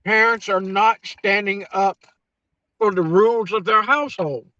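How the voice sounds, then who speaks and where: Opinionated man, very high pitch, dry close and muffled sound. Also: a little slow, pushed and bright, dry recording. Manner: firm, opinionated interjections. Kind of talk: casual chat.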